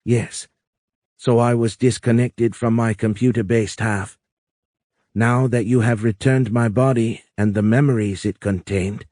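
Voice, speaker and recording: A man voicing a calm, wise alien woman with a foreign accent, speaking slowly and explaining patiently in an audiobook. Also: medium pitch, no room sound, studio quality, pitched above the performer's own voice, close to an everyday voice. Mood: tender. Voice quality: foreign accent, soft raised voice. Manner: slow, measured, explanatory.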